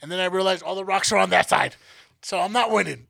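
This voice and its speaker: Male podcast co-host, profane animated storyteller, gravelly bright voice. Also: high-pitched, fast talker, dry recording. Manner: profane, animated storyteller acting out family members. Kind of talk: casual storytelling.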